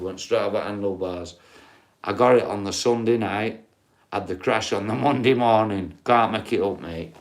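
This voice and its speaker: Bloke on a livestream, swears a lot, chats to viewers by name, lowish voice. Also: male voice. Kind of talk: casual livestream chat.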